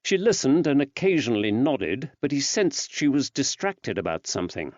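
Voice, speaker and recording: A male audiobook narrator reading in a measured, expressive way at a middle pitch, his tone moving up and down a lot. The recording is dry and close, with a slightly dull sound. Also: dry recording. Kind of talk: scripted narration.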